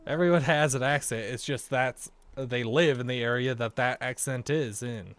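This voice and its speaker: A man's voice: medium pitch, moderate pace, a bit bright, no room sound. An American man chatting casually through a let's-play, rambling from thought to thought and talking to the game's characters. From United States. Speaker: gaming video creator.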